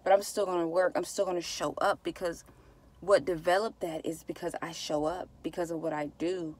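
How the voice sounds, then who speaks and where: A woman's voice: lowish voice, fairly even intonation, a little fast, darkish tone. A woman talking to her viewers in a casual vlog, heartfelt and repetitive, close to tears. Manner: heartfelt, repeats herself, says y'all. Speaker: vlogger.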